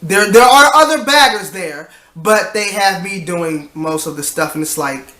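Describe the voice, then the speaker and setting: Young man, tired, rambling vlog story, high voice, echoey room. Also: lively intonation, measured pace, hardly any pauses, sharp tone. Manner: tired, rambling, frequent restarts and sighs. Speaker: vlogger.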